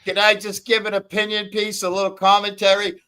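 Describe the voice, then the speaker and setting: A man's voice: high-pitched, completely flat delivery, a little fast, sharp tone, smooth. A man hosting a crude, casual live stream, teasing and rambling with profanity. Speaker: stream host.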